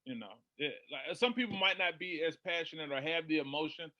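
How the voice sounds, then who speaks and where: A man on a panel posing a thoughtful question, halting with uhs. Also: a little high, lively intonation, lo-fi sound. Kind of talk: casual panel discussion.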